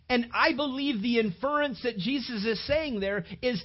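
Animated preacher, dull lo-fi recording. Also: mid-range voice, moderate pace, hardly any pauses. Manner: animated, emphatic preaching, addresses listeners directly. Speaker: pastor. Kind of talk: sermon. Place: church hall with a congregation.

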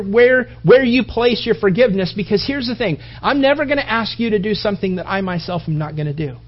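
A man preaching a sermon, telling stories animatedly and acting out voices and sound effects. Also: very high-pitched. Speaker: pastor. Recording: dull lo-fi recording.

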